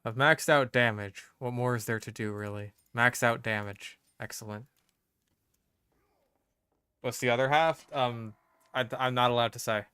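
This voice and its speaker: Joking male streamer, stumbling restarts, smooth clear tone. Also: medium pitch, measured pace, long pauses, pushed and bright, dry recording, clean studio sound. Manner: rambling, joking, stammering restarts. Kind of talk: casual gaming commentary.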